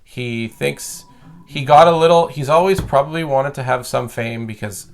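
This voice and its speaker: A man's voice: mid-range voice, normal speed, gravelly. A man talking as a podcast guest in casual chat, blunt, profane and opinionated.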